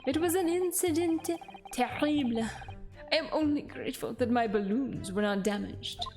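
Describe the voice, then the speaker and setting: A woman voicing an excitable female balloon witness from a game, in a put-on accent that slips. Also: sits high, moderate pace, soft background music, voice pushed up. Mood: dramatic. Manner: put-on foreign accent, dropped mid-line.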